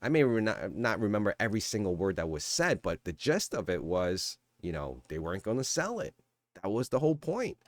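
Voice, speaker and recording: A man's voice: lowish voice, brisk, no echo. A man talking casually on his own vlog, rambling and getting worked up as he answers viewer comments. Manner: animated, rambling, defensive. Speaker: crypto YouTuber. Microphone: shotgun mic.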